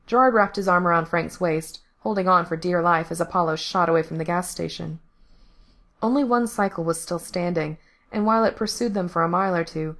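A woman narrating a story aloud at a steady, measured pace. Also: lowish voice.

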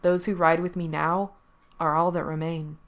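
A woman reading as a solemn young prince, kind yet weighed down by duty. His speech is measured and grave, in a slightly low voice, from a storybook tale. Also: flat delivery, close to an everyday voice.

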